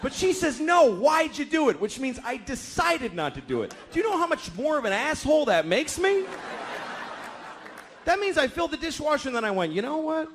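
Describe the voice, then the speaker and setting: A man doing a stand-up comedy set, ranting and shouting his punchlines. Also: very high voice, sing-song, normal speed, a little hiss or hum. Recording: live club with audience laughter.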